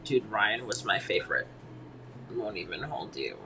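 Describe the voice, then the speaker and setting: A podcast co-host from Massachusetts, near Boston, chats casually in a lowish male voice with big swings in pitch at a normal speed. He's laid-back and slangy, swearing and laughing a lot, with noise in the background.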